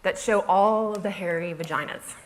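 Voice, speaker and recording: A woman's voice: fairly low pitch, moderate pace, a little hiss or hum. Wry woman telling a story on stage. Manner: wry, self-mocking, laughs through her lines. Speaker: conference speaker. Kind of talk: humorous storytelling talk. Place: festival stage before a laughing audience.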